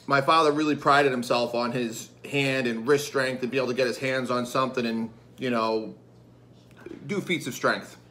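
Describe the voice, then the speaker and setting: A man telling a funny family story in a casual, animated, crude way, now and then laughing. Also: medium pitch.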